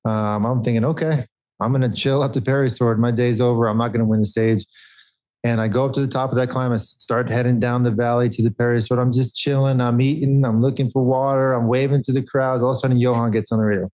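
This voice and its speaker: A middle-aged man, a former pro cyclist, telling a race story in casual podcast chat, animated and quick, cutting himself off mid-thought. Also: mid-range voice, poor audio. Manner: animated anecdote with quick bursts and self-interruptions.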